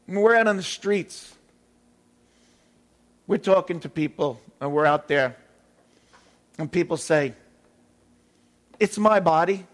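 A man's voice: a little high, a little slow, long pauses, fairly bright tone. A man preaching a sermon in an emphatic way, repeating his key phrases.

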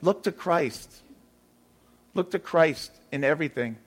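A man's voice: fairly high pitch, unhurried, breathy edge. A man preaching a sermon in an emphatic way, repeating his key phrases.

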